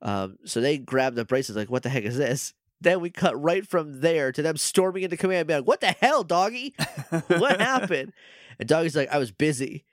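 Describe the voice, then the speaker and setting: A young man co-hosting a podcast, chatting casually and acting out characters' lines in quick voices. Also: on the high side, no echo, studio quality. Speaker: podcast co-host. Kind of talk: casual recap chat.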